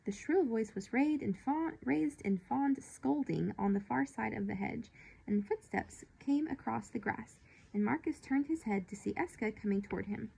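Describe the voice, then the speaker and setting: A woman reading a novel aloud in an unhurried way, now and then stumbling and correcting herself. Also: a little high, animated, creaky, dark tone, slightly rough, poor audio. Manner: unhurried, occasional slips and restarts. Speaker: reader of a children's novel. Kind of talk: read-aloud storytelling.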